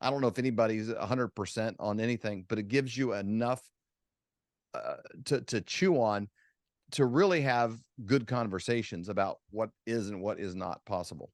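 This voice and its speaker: A man's voice: fairly low pitch, moderate pace, dry recording, clean studio sound. A man hosting a casual talk show, speaking in a rambling conversational way. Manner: conversational, rambling with fillers and restarts. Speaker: host.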